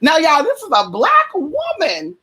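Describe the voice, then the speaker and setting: A woman's voice: extremely high pitch, huge pitch swings, a little slow, bright, forceful tone. A woman ranting to her viewers in a heated, profane, sassy way, repeating rhetorical questions. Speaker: vlogger.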